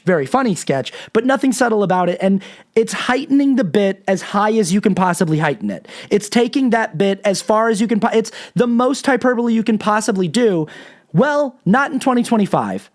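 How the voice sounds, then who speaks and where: A man with a high voice delivers a sarcastic political monologue. He swears freely and gets animated as he retells comedy bits and builds his argument. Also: a little fast. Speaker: political commentary host. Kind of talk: monologue commentary.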